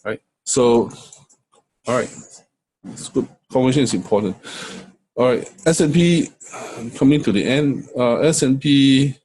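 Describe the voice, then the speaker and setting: A man's voice: medium pitch, animated, a little slow, darkish tone, a little hiss or hum, poor audio. A middle-aged man walking through trading charts in a casual lesson, checking in often with "right?". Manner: conversational, many fillers and "right?" checks. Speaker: forex trading coach. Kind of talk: screen-share trading lesson.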